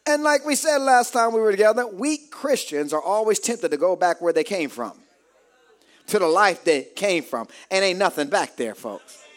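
A man preaching a call-and-response sermon, shouting rising phrases and calling out to the congregation for amens. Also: high voice, expressive, moderate pace.

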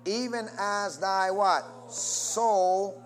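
A man preaching a sermon, constantly calling out questions for the congregation to answer and urging them to say amen. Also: drawn-out words. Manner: call-and-response preaching with wide swings in pitch and loudness.

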